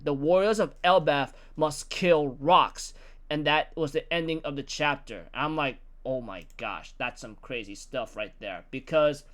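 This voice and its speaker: Young male manga reviewer, high voice, excitable, acts out quotes. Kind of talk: casual chapter recap.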